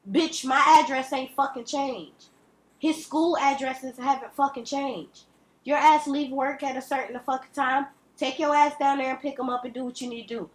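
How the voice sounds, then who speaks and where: A woman's voice: high voice, fairly even intonation, measured pace. A woman, speaking bluntly and profanely in a direct-to-camera vlog rant at home. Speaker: vlogger. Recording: echoey room.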